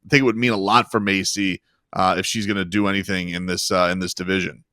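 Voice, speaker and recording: Bright-voiced man talking fight sports. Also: low-pitched, flat delivery, fast, no room sound, studio quality. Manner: rambling, many restarts and fillers. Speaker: MMA podcast co-host. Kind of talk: casual sports talk.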